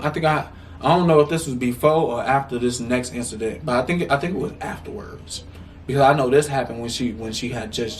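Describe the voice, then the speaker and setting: A young man in his twenties with a somewhat high voice talks straight to camera in a storytime vlog, blunt and heavily profane. He sounds a bit off from the mic, and a faint hiss of room noise sits under his voice. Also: distant mic. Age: 20s. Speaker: vlogger. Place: room at home.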